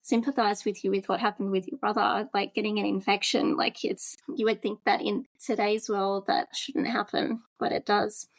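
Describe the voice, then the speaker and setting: A woman's voice: medium pitch, level tone, moderate pace, few pauses, dry recording. A woman hosting an interview, asking questions in a casual, sympathetic way with many fillers. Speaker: interview host. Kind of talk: conversational interview.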